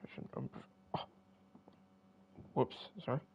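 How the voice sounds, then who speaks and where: A man's voice: a little slow, dull audio, a little hiss or hum. A young man, tired and yawning, rambling casually with many fillers while he streams a game. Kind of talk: casual commentary while playing.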